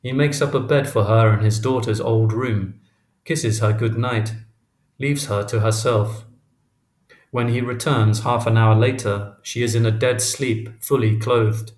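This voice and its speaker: A man narrating a literary audiobook in a measured, even reading. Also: mid-range voice. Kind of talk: scripted narration. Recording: roomy echo.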